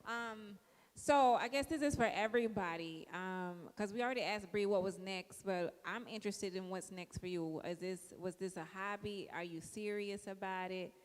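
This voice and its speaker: A woman's voice: mid-range voice, moderate pace. A woman asking the panel questions, casual and blunt. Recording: echoey hall.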